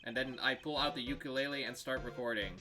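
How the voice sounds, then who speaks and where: Man, jokey, ad-libbing, very bright sharp tone, music faint behind. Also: medium pitch, steady tone, fast. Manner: jokey, ad-libbing, laughs at own jokes. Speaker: game streamer. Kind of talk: casual game playthrough, reading dialogue aloud.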